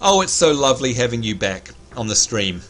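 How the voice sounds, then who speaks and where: Bright, chatty Australian man commentating a game. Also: medium pitch, very animated, fairly quick, slight background noise. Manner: chatty, upbeat play-by-play, addresses viewers as folks. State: slightly hoarse, clearing his throat. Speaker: livestream host and game commentator. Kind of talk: live gameplay commentary.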